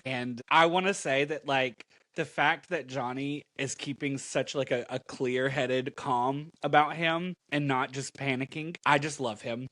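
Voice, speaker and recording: Animated, bright-voiced man recapping comics. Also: mid-range voice, no echo, clean studio sound. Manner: animated, dramatic storytelling with quick asides. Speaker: comic book podcast co-host. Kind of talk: casual chat recapping a comic.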